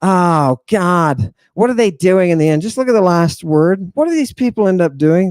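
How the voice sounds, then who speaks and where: A man teaching an online lesson in an excitable, emphatic way, repeating phrases and swinging between loud outbursts and hushed asides. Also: sits high, normal speed, few pauses, no room sound, clean studio sound. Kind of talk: animated online lecture.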